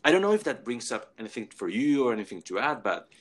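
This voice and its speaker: A man hosting an interview, eager and a bit halting as he frames his questions. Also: mid-range voice, very animated, husky. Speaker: podcast host. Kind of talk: casual interview.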